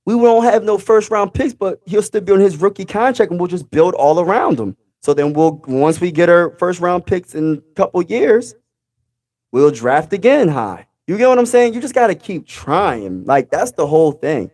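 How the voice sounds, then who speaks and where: A man's voice: sits high, moderate pace. A man hosting a live sports fan stream, ranting in a casual, emphatic way and repeating his points. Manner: animated, emphatic, repeats phrases. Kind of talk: casual fan livestream rant.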